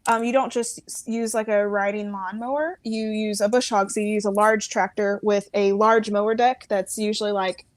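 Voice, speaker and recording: A woman's voice: mid-range voice, level tone, moderate pace, few pauses, no room sound. A woman from a small farming town in the United States, a guest on a casual video-call chat, rambling and giggly with lots of fillers. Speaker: guest fragrance reviewer.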